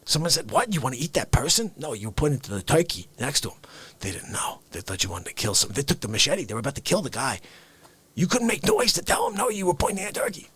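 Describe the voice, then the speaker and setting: A man hosting a livestream, riffing comedically and swinging between loud shouts and hushed whispers. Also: medium pitch, huge pitch swings, quick pace, husky, no room sound. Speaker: livestream host. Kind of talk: rambling comedic riff.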